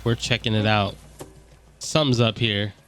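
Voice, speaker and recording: A man's voice: fairly low pitch, fairly even intonation, normal speed, faint music behind. A man giving casual, joking let's-play commentary over a game, full of slang and mocking asides. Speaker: gameplay commentator.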